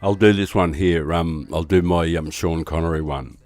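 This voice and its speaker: Older man, Australian accent, deep, wheezy, false teeth, rambling, swears casually. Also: moderate pace, darkish tone, faint music behind. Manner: rambling, profane, chatty. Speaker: game streamer. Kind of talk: casual gameplay commentary.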